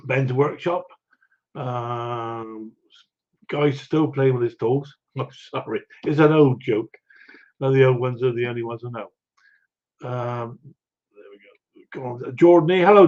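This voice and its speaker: An older man hosting a live stream, chatting casually and chuckling while he greets viewers from the chat. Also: medium pitch. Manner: chatty, rambling, chuckles often. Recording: dull lo-fi audio.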